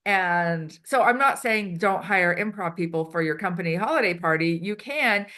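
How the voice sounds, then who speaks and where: A woman consultant being interviewed, chatty and animated, acting out quoted lines as she explains. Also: fairly low pitch, moderate pace. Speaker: HR consultant and improv performer. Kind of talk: casual interview answers. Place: Switzerland.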